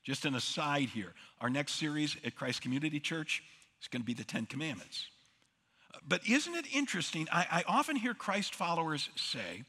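Bright-voiced preaching man, echoing hall. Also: a little high, breathy edge. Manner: emphatic, rhetorical questions, repeats words for stress. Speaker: pastor. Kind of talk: sermon.

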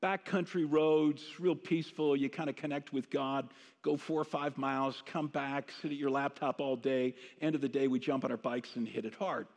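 A man's voice: medium pitch, steady tone, moderate pace. A middle-aged male pastor giving a conversational sermon that rises to emphatic declarations. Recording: long hall reverb.

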